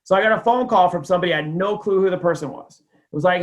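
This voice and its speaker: High-voiced man coaching sales. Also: quick pace. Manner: conversational storytelling, many fillers. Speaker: insurance sales trainer. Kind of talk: casual training talk.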